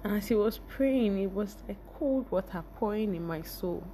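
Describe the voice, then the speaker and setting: A woman's voice: mid-range voice, moderate pace, dark tone, a little hiss or hum. A young woman vlogger telling her viewers an emotional personal story and speaking to them directly.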